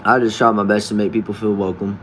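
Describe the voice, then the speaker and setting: A man casually hosting a live stream from a backyard shed, reading viewers' comments aloud and answering them in a relaxed way. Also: on the low side, fast, a little hiss or hum. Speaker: livestream host reading chat.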